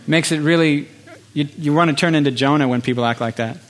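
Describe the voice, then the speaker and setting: A man preaching a sermon to his congregation, impassioned, building through repeated phrases with pauses. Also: fairly high pitch, noisy background. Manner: impassioned, rhetorical repetition with pauses. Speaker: pastor.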